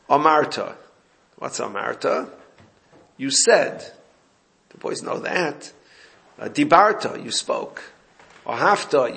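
Gravelly man teaching a Torah class. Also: a little high, fairly bright tone. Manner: explanatory, recounts dialogues with students.

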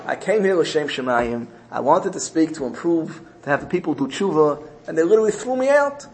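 A man voicing an indignant preacher who protests loudly and defends his shouting. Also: animated, fairly quick, slight background noise, rough recording. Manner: exclaiming, high-pitched protests.

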